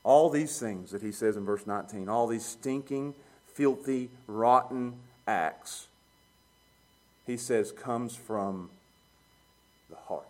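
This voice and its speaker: A man preaching a sermon, plain-spoken and chuckling, swinging from quiet low musing to loud emphatic peaks. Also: takes it slowly, long pauses. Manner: plain-spoken, uses street talk and chuckles.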